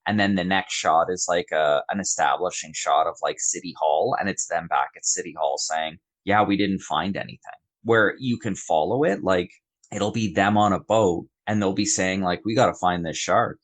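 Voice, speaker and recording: Low-voiced male podcast co-host, chatty film breakdown. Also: normal speed. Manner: chatty, many fillers and restarts. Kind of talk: casual film review chat.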